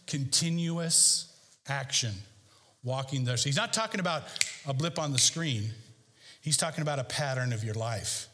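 A male pastor delivering a sermon in a church, preaching emphatically with sharp rises and drops in pitch. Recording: long hall reverb.

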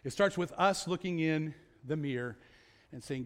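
A male pastor preaching a sermon in a conversational way, asking rhetorical questions and slowing down to stress key words. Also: fairly high pitch.

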